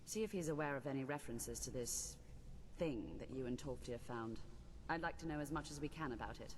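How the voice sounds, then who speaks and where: A haughty mature mage teacher, speaking with a very low voice in cool, formal tones. The game audio has a long reverb and a faint rumble behind it. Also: female voice, brisk.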